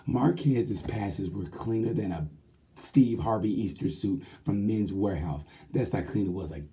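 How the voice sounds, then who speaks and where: A man hosting his own casual race recap, rambling and joking with quick asides. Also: sits low, dark tone. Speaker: racing commentator host.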